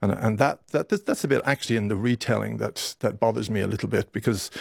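Halting, gravelly man. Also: on the low side, no room sound. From Ireland. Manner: halting, repeats words, restarts often. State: emotional, voice catching. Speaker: doctor, interview guest. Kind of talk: emotional radio interview.

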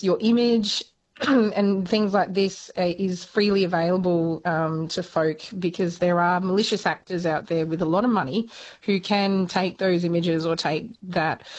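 A woman's voice: fairly low pitch, lo-fi sound. A woman explaining speech science on a podcast, talking casually with many fillers and restarts.

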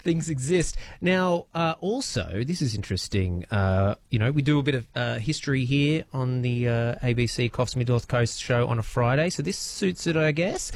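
An Australian man hosting a regional radio show, relaxed and chatty, laughing easily as he talks to callers. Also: mid-range voice, normal speed, few pauses, slight background noise. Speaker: radio host. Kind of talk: radio host chat.

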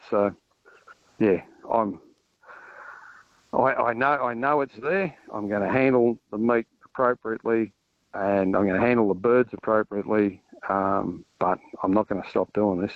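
Cheerful Australian hunter, low-ish pitch, muffled dry line; loose, filler-heavy talk. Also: male voice, normal speed, dry recording. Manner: relaxed, rambling, cheerful with many fillers. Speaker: duck hunter on air. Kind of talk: casual radio interview.

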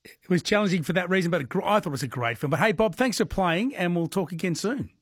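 A man's voice: sits high, expressive, fast talker, slightly rough, no room sound, studio quality. A man hosting an overnight radio quiz in a chatty way, laughing often with callers. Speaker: radio host.

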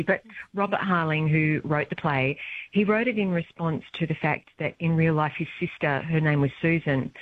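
A woman's voice: low-pitched, no room sound. A woman stage actress talking eagerly and chattily about her play in an interview. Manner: enthusiastic, chatty, warm about her work. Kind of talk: casual phone interview. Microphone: phone line. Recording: tinny phone line.

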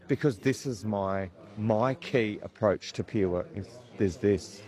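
Deep-voiced man, candid. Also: measured pace, crowd noise. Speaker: peer support worker. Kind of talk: interview, personal story.

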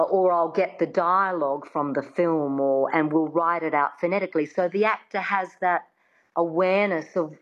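A woman working as a dialect coach, teaching an accent on the radio and slowly drilling words for the listener to repeat. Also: fairly low pitch, highs cut off. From Australia.

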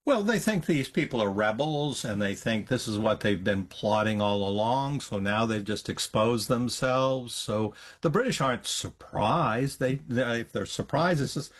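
A middle-aged man with a husky voice explains history as an interview guest. His pitch rises and falls in a lively way, and he briefly slips into the voices of people from the past. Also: a little slow, hardly any pauses. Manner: animated, acts out historical voices in quotes.

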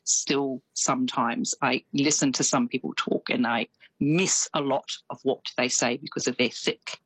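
A woman's voice: a bass voice, a little slow, slightly rough, no echo, rough recording. A woman from Australia with a slight New Zealand lilt, chatting as a radio correspondent. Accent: Australian with some New Zealand. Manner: chatty, animated, laughs easily.

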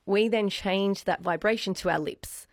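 A woman's voice: mid-range voice, moderate pace, dry recording, clean studio sound. An Australian woman speaking as a radio guest, explaining how the voice works in a friendly, informative way and laughing easily. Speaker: voice expert guest.

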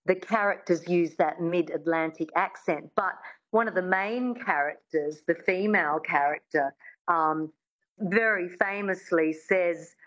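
A woman who works as an accent coach, explaining things in a measured way as a guest on a radio interview. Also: fairly low pitch, highs cut off.

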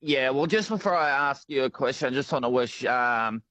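A man calling in to a radio show, speaking hesitantly and haltingly. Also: medium pitch, a bit bright, dry recording. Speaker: caller. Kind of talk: phone-in call.

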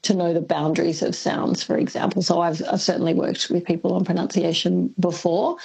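A woman, a linguist, answering questions on a radio interview in a thoughtful, hesitant way with frequent pauses. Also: lowish voice, little pitch movement, gravelly, a little mellow, breathy edge, low-quality recording. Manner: thoughtful, hesitant with many ums. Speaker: linguist guest.

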